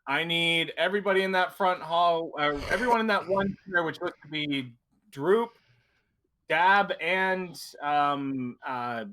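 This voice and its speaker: A man narrating as dungeon master, halting and full of fillers. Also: fairly high pitch, pushed and bright. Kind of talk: narrating a tabletop game.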